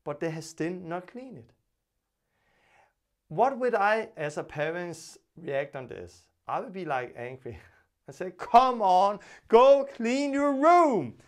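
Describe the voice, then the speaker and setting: A man teaches a Bible lesson, speaking in a notably high voice for a man. He talks earnestly in English, repeating his points and restarting sentences, and briefly acts out the voices of the people he quotes. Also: lively intonation, measured pace, pauses often. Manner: non-native English with frequent restarts.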